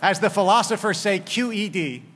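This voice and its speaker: Male rabbi, high-pitched, preaching with wry humor and dramatic quoted lines, recorded in a hall with long reverb. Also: normal speed, a bit bright, a little hiss or hum. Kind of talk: sermon.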